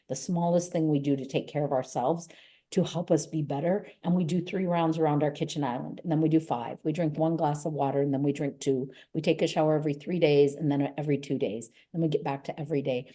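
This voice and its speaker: A woman's voice: low-pitched, fairly even intonation, fast talker, dark tone. A middle-aged woman, a guest author, speaking earnestly and encouragingly in an interview. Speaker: guest, author and gym owner. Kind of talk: motivational interview talk.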